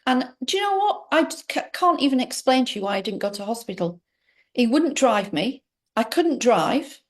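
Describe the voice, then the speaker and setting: Speaking at a normal speed in a sing-song voice on the high side, a middle-aged woman recounts something from her own life to an interviewer. As a guest in the conversation, she rambles, stresses her points, and keeps restarting.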